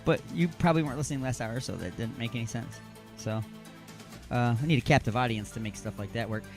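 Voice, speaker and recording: A man's voice: mid-range voice, fast talker, over music. A man hosting an internet radio show from a studio, joking and rambling with self-mocking asides as he reads out odd news stories. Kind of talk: comedic radio banter reading news stories.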